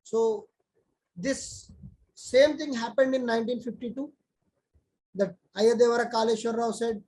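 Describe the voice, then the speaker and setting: A man's voice: very high voice, steady tone, measured pace, pauses often, darkish tone, rough recording. A man teaching an online class, talking conversationally and calling on students by name.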